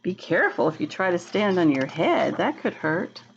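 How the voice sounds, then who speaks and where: A woman reading a picture book aloud to young children, gently pausing to ask them questions. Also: fairly low pitch, big pitch swings, lo-fi sound, slight background noise. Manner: slow, gentle, asks the listener questions. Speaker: early-childhood reader.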